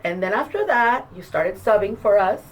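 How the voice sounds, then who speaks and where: A woman with an ordinary mid-range voice talks in a casual interview as an adult school staff member. She is encouraging and lively. She retells past conversations by acting out the quoted lines. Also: medium pitch, moderate pace, poor audio.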